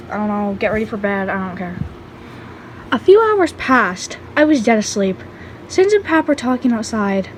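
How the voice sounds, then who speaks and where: A woman reads her own fan fiction aloud in a chatty, offhand way, and her voice sits a little high. A faint hum runs under the recording. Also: low-quality recording. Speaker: story reader.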